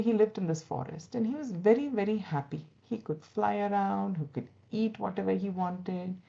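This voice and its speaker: A woman telling a children's story in an animated, chatty way, with asides to her listeners. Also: on the low side, gravelly. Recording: dull lo-fi recording.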